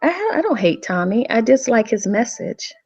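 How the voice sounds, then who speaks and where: A woman's voice: on the high side, sing-song, moderate pace, a little mellow, slightly rough, muffled recording, soft background music. A woman in a heated online voice chat who defends herself, insists on her point and often repeats herself. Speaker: guest defending herself in a livestream debate.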